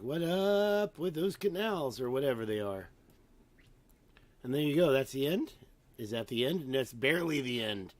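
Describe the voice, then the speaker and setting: A hoarse man who has nearly lost his voice, hosting a casual video, rambling and exclaiming with rhetorical questions as he looks at maps. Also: fairly high pitch, no echo. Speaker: video host. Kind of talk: casual commentary over maps.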